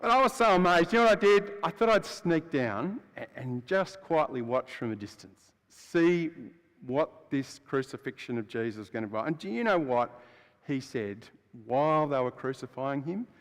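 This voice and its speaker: A man preaching as the freed prisoner Barabbas, telling his story in the first person with a chatty, storytelling manner that swings between loud and hushed. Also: fairly high pitch, lively intonation, moderate pace. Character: adult male prisoner Barabbas, rough and blunt. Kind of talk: first-person dramatic monologue in a sermon. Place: church. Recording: long church hall reverb.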